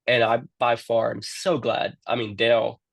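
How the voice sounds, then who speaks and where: A man's voice: medium pitch, flat delivery, moderate pace, gravelly, dry recording. A man who works in youth ministry, telling his story in a casual interview and often repeating words as he starts a sentence.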